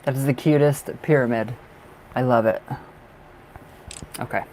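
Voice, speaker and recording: Chatty male tarot reader on a home live stream, mid pitch, faint room noise. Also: fairly even intonation, measured pace, a little mellow, rough recording. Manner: chatty, affectionate, laughs often.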